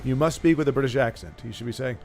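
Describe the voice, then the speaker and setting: A man's voice: medium pitch, fast, vocal fry, darkish tone. A man hosting a game stream in casual, rambling chat with many restarts and repeats. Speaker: streamer host.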